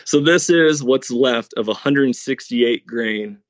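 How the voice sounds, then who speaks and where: A man's voice: mid-range voice, slow, dry recording, muffled recording. A man guest on a podcast, earnestly telling a hunting story step by step, with many restarts. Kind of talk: casual storytelling interview.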